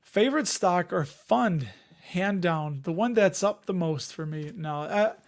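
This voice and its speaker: A man with a fairly high voice talks casually on a live stream. He rambles, restarts his sentences and answers comments from the chat as he goes. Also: animated, measured pace. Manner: rambling, conversational, reads chat comments aloud. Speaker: host of a dividend investing live stream.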